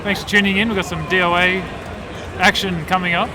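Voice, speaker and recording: A man's voice: high voice, little pitch movement, fairly quick. A chatty man commentating a fighting game tournament stream in an upbeat way. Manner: upbeat, chatty, laughs often. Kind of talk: casual live commentary. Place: gaming tournament venue. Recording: noisy event room.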